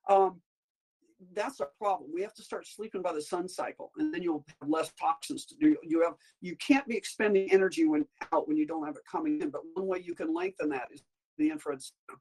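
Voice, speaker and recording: A woman's voice: lowish voice, a little fast, darkish tone, low-quality recording. A woman appearing as a guest doctor in a casual interview, talking in a chatty, meandering way that jumps between topics.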